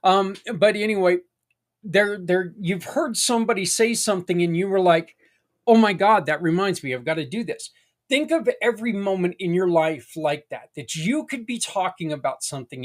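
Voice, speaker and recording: A podcast host talking in a casual, earnest monologue, folksy and rambling with tangents and mild swearing. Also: medium pitch. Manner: earnest and encouraging.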